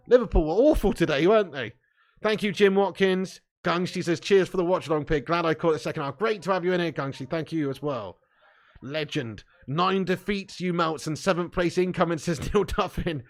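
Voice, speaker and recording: A man hosting a live football watch-along, reading chat comments aloud with mocking banter, swearing and laughing. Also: a little high.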